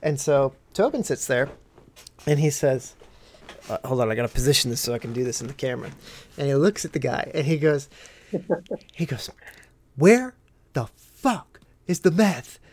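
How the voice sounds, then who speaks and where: A man spins a rowdy tale on his podcast, cursing freely and breaking into laughter as he goes. His voice sits at an ordinary pitch, neither deep nor high, and it carries the slightly boxed-in sound of a video call. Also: moderate pace, pauses often. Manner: profane, laughing, animated storyteller. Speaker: podcast host. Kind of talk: casual storytelling chat.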